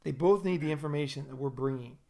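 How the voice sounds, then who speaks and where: A man's voice: fairly high pitch, quick pace, creaky, darkish tone. A man hosting a casual podcast chat, rambling and often repeating and restarting his words. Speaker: podcast host.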